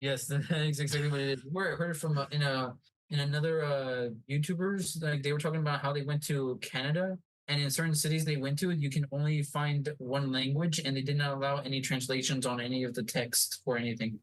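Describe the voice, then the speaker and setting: A man's voice: fairly high pitch, steady tone, brisk, rough recording. A man co-hosting a podcast, rambling along in casual chat full of fillers and restarts. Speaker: podcast co-host.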